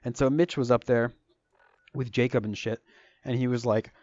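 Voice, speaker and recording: A man's voice: medium pitch, steady tone, moderate pace, a little mellow, no echo. Young man rambling through a storytime. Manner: rambling, filler-heavy, swears freely. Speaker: storytelling vlogger. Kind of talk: casual storytime narration. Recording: dull lo-fi recording.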